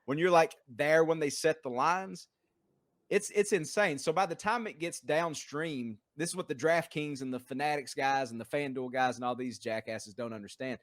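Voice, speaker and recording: A man's voice: a little high, normal speed, no echo. A man speaking as a guest on a casual podcast who rants emphatically about gambling. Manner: emphatic, ranting. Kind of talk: casual chat.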